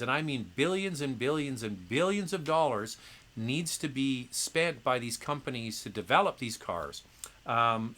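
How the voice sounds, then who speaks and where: A middle-aged man hosts a casual live question-and-answer stream. His voice sits at an ordinary pitch but sounds bright and forceful. He talks in a chatty, opinionated way, often restarting sentences with "uh" and "um.". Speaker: host answering viewer questions. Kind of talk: casual livestream Q&A.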